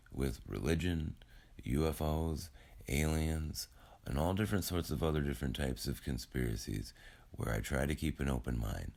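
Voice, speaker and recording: Super deep gravelly guy, just rolled out of bed, rambling at his viewers with a lot of ums. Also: darkish tone. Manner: rambling and self-deprecating, with filler words. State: just woken up. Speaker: YouTube creator. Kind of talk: casual rambling vlog monologue.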